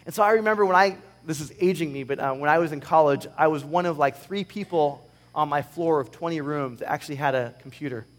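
A man preaching a conversational sermon, reading scripture with animated sarcasm. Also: on the high side, fast, long reverb tail. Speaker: pastor.

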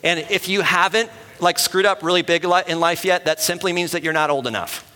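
A man giving a sermon as a pastor, talking in a conversational and animated way and asking the room questions. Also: high voice, brisk, smooth. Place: church hall with an audience. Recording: long hall reverb.

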